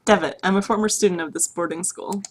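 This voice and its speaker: A woman's voice: lowish voice, steady tone, fast, slight background noise, lightly acted. A woman reading as a reserved young man, polite and evasive. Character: reserved young man, former student of the school.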